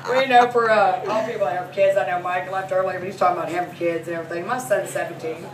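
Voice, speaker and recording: This massage therapist in her forties has a lowish voice, fairly even intonation, and a quick pace, with a crowd audible behind her. She laughs as she tells crude, brash stand-up stories about her son and the people she massages. It was captured at a comedy club in an echoey room on a distant, noisy mic.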